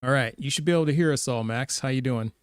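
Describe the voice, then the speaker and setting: A man's voice: medium pitch, quick pace, dry recording, studio quality. A man hosting a livestream debate, casual and emphatic, often repeating himself. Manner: animated, emphatic, repeats words. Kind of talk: casual chat.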